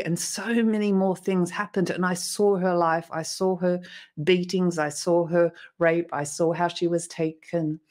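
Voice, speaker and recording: Earnest female storyteller, lower-pitched, heartfelt, interview guest. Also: steady tone, measured pace, darkish tone. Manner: earnest, emotional retelling with restarts. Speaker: interview guest, motivational speaker.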